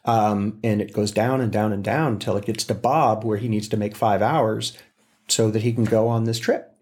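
A man telling a story in an interview, with animated delivery and frequent restarts. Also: fairly low pitch, normal speed. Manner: animated, acts out quotes with voices. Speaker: interview guest. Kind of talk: casual storytelling.

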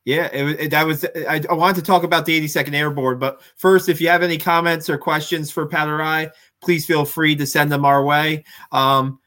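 A male podcast co-host asking questions in a halting, casual way with many restarts. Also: fairly high pitch, fairly even intonation, pushed and bright. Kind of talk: casual interview talk.

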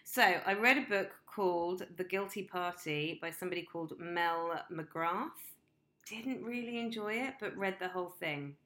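A woman's voice: lowish voice, moderate pace, bright, forceful tone. A woman host and coach talking in a casual monologue, blunt and emphatic, swearing freely. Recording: roomy echo.

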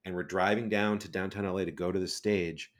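A middle-aged man telling rambling, animated anecdotes as a guest on a podcast. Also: sits low, fairly quick. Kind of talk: casual storytelling.

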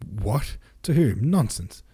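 A man's voice: on the low side, brisk, creaky, warm tone, slightly rough, full character voice. A man reading an audiobook, voicing a flustered old nobleman father. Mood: shocked.

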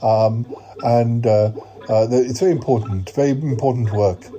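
A man's voice: mid-range voice, moderate pace, mellow, soft background music. Hesitant man hosting a comedy podcast. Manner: hesitant, many ums and uhs. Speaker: podcast host. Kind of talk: comic improvised sketch.

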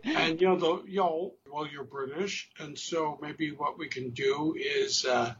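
A man from Brooklyn, co-hosting a podcast and telling stories in an unhurried, reflective way. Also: on the high side, fairly bright tone. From Brooklyn, New York. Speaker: podcast co-host. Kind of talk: casual chat. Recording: dull lo-fi sound with faint noise.

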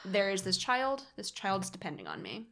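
A woman's voice: mid-range voice, huge pitch swings, normal speed, bright, forceful tone. A woman co-hosting a podcast in casual chat, thoughtful and analytical, with frequent laughter. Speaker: podcast co-host.

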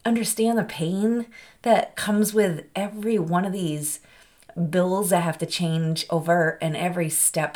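A woman with a slightly low voice talks straight to her podcast listeners in a personal, confessional way. She is candid and heartfelt, and her sentences ramble and circle back on themselves. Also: steady tone, normal speed, a little mellow. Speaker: podcast host.

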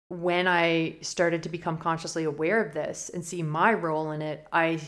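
A middle-aged woman podcast host giving a candid, rambling personal monologue, near tears at times. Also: sits low. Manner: candid, emotional, rambling with many fillers and restarts. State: close to tears.

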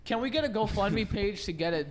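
Male podcast co-host, slightly high, teasing interrupter, light background hiss. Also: expressive, fairly quick. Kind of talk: casual crude banter.

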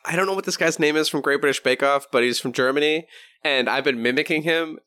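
Bright-voiced man from New Hampshire. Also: fairly high pitch, fast talker. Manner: loose, swearing, laughing often. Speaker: podcast co-host. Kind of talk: casual chat.

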